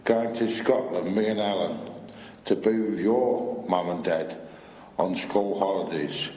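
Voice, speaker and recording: A man's voice: lowish voice, darkish tone. An older man, a son, reading a plain and heartfelt tribute to his late mother as a recorded eulogy. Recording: echoey hall, dull long reverb.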